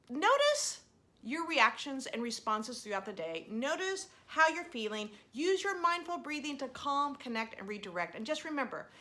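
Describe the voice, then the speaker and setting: Bright-voiced woman teaching mindfulness to kids. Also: a little high. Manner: gentle, storytelling, animated when recounting. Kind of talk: guided breathing and lesson for children.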